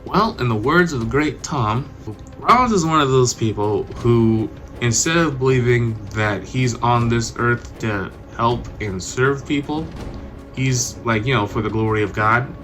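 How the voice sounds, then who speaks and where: A man's voice: mid-range voice, a little slow. Young man telling a story over music. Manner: animated, conversational, with filler words. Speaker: vlogger. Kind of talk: storytime narration.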